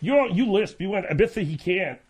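A man's voice: sits high, animated, a little fast, slightly rough, pitched above the performer's own voice. A man voicing a wisecracking male radio sidekick who teases the host with mocking impressions.

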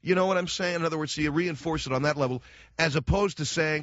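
His voice sits a little high and moves at a quick pace as he hosts a talk radio show, mocking and blunt, doing animated impressions of others he quotes. The recording is a dull, dry studio sound without any room sound.

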